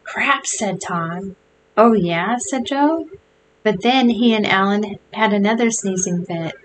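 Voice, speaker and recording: A woman reads a children's chapter book aloud in an animated storytelling style. She jumps up in pitch for excited or shouted lines. A faint hiss sits under her voice. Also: unhurried, poor audio. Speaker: reader.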